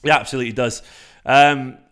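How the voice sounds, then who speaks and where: A man in his thirties hosting a casual fan livestream, excitable and sweary as he reacts to the chat. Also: mid-range voice, brisk. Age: 30s. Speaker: fan channel livestream host.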